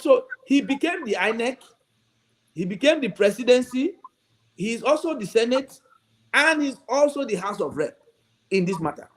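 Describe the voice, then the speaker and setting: High, animated bishop. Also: male voice, moderate pace, pauses often, low-quality recording. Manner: emphatic, pleading storyteller. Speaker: bishop and guest. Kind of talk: radio talk show interview.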